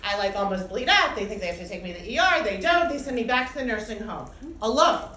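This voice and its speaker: Woman, middle-aged, testimony talk, acts out quotes, booming hall reverb, faint hiss. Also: fast talker. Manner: animated storytelling with acted-out quotes. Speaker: speaker giving a talk. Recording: echoey hall, distant mic, faint noise.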